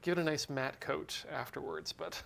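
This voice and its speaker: A man's voice: on the high side, fairly even intonation, normal speed, gravelly, background noise. A man co-hosting a hobby stream, chatting casually and explaining his model build as he works. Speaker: stream co-host. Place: streaming studio.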